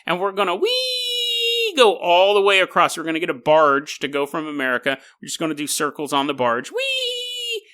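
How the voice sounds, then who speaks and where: A high-pitched, very lively male podcast host with a sharp, bright tone. He rambles through strange stories with jokes and silly sound effects, often stumbling and correcting himself. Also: brisk, hardly any pauses. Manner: frequent self-corrections and laughter. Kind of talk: casual comedic storytelling.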